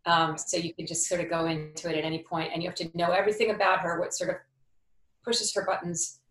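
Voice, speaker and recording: Actress guest, woman in her fifties, slight New York tone, low-set voice, animated, echoey room. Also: fast talker. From New Jersey, USA. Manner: thoughtful, animated, many fillers and restarts. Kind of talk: conversational interview.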